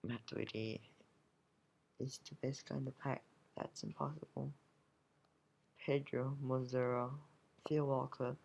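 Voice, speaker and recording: A man's voice: mid-range voice, steady tone, a little slow, gravelly, pauses often, darkish tone, breathy edge, muffled recording. A teenage boy commenting casually on his game, grumbling and swearing, sometimes dropping to a whisper, recorded at home. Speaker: gamer opening card packs.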